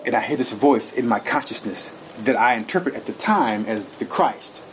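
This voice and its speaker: A man telling a personal story in an interview. He rambles in an animated way and acts out his own lines as he goes. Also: medium pitch, moderate pace. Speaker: interview guest. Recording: noisy recording.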